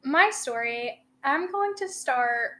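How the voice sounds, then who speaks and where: A young woman with a high voice co-hosting a casual podcast. She chats playfully and often breaks into giggles. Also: animated, takes it slowly, fairly bright tone. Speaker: podcast co-host. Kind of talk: casual chat.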